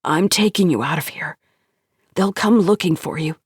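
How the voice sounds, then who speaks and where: A woman voicing a remorseful male scientist who speaks in a trembling, halting way. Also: on the low side, breathy edge, dry recording, studio quality. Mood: urgent.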